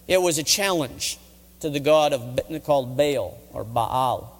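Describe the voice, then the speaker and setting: High-voiced man preaching in a chapel. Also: moderate pace. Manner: dramatic, vivid Bible retelling. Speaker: college chaplain. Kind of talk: sermon storytelling. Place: college chapel. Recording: reverberant chapel hall.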